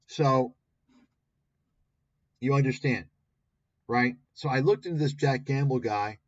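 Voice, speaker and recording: A man hosting a livestream, ranting about video clips with profane, combative scorn and a husky voice. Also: mid-range voice, takes it slowly, no room sound. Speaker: commentary livestream host. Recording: dull lo-fi stream audio.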